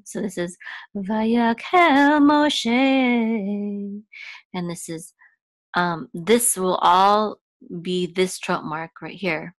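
A woman teaching, who gives slow, patient explanations and chants names and words in a singing voice. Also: fairly low pitch, fairly even intonation, dry recording. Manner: slow, patient explaining with soft asides between sung names. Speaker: Hebrew teacher. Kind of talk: chanting lesson with spoken explanations.

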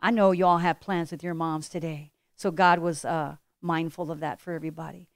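Emphatic woman pastor, smooth clear voice. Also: low-pitched, fairly even intonation, moderate pace, dry recording. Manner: emphatic preaching with repetition and rhetorical questions. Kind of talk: sermon. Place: church.

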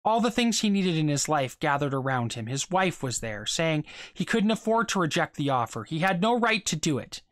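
A reader telling a short story aloud in a steady voice, with small stumbles and repeated words. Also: mid-range voice, moderate pace, few pauses, no echo, studio quality.

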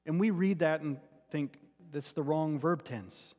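A man's voice: a little high, steady tone, normal speed, few pauses, darkish tone. A man preaching a sermon, earnest and often restarting words as he teaches from scripture. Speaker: pastor. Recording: long hall reverb.

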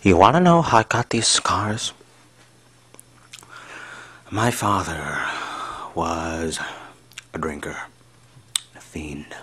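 A man voicing a menacing, unhinged scarred villain in a husky, half-whispered voice. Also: sits low, slow pace, pauses often, fairly bright tone, full character voice.

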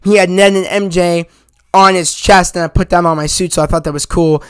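A man giving a casual, excited spoiler review of a movie, retelling scenes in a rambling way with many restarts. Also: high voice, brisk, clean tone, dry recording.

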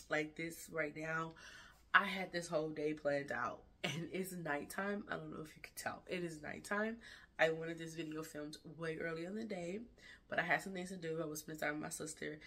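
A woman's voice: low-pitched, sharp tone, slightly rough. A woman vlogger giving an earnest, emotional, candid life update to her viewers, indoors at night. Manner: earnest, emotional and frank, with repeated restarts. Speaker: fashion vlogger and designer.

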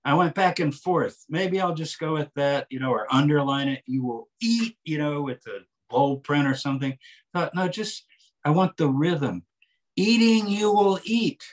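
An older author and translator, a guest in a conversational interview, explains his work with enthusiasm, offering examples and quoting passages aloud. His voice is fairly high, and he speaks at normal speed.

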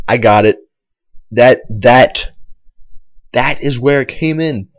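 A man's voice: mid-range voice, slow pace, pauses often. A man giving casual voice-over commentary on his own gameplay, rambling and boastful, swearing freely and full of fillers and restarts. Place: voice-over recorded over game footage.

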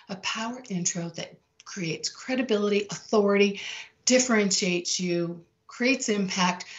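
Emphatic female sales coach, lowish voice, dull lo-fi recording. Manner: emphatic, repetitive, animated delivery. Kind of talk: energetic sales tips talk. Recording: dull lo-fi sound.

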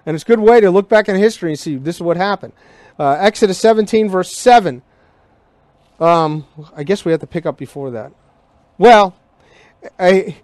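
A man's voice: high voice, darkish tone, dry recording. A man teaching the Bible verse by verse to his congregation, in a conversational style that keeps asking them questions. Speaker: pastor. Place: church sanctuary.

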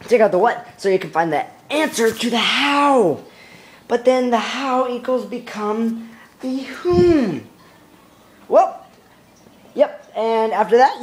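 A man's voice: on the high side, darkish tone. Rambling young man vlogging at home. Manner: hesitant, filler-heavy, mock-profound wordplay. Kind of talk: casual rambling monologue to camera. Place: at home indoors.

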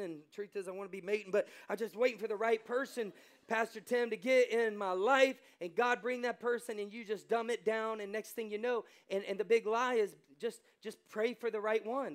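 A male pastor with an American accent preaching a sermon, swinging between quiet asides and loud, fervent exclamations and acting out quoted voices. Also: high-pitched.

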